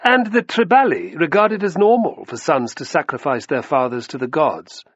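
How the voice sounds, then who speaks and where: A man's voice: fairly high pitch, expressive, moderate pace, slightly rough, no room sound, muffled recording, voice pushed up. A man playing a smug Roman nobleman, Crassus. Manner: smug, condescending, drawling. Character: smug aristocratic Roman male politician.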